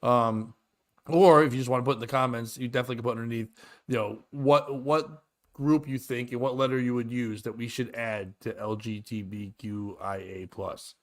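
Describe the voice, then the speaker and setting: A man's voice: medium pitch, fairly even intonation, moderate pace. Male podcast host, 30s, casual and rambling, crude humor. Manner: rambling, jokey, swearing, often laughing. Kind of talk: casual comedy chat.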